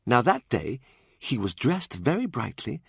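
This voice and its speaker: A man's voice: medium pitch, huge pitch swings, a little slow, creaky, husky, dry recording, clean studio sound, heavily acted. A man voicing an old knight courtier telling a dramatic story in an audiobook. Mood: storytelling. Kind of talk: audiobook character voice.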